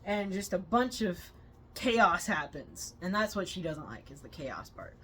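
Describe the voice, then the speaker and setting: A woman co-hosting a movie review channel, retelling scenes with loud excited quotes. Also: lowish voice, unhurried, a little hiss or hum. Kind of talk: casual movie review chat.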